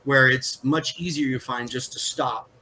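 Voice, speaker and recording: A man narrating a tabletop game as game master, halting with many fillers and restarts. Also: mid-range voice, steady tone, sharp tone, a little hiss or hum, rough recording.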